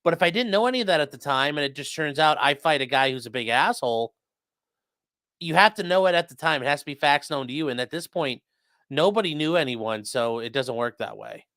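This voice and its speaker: A man, an attorney, giving casual, animated legal commentary on a trial and slipping into jokey put-on voices. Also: a little high, fairly quick, no room sound, studio quality.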